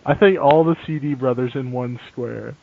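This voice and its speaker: A man's voice: medium pitch, normal speed, creaky, narrow, tinny audio. A man in casual podcast chat, mostly chiming in with short remarks.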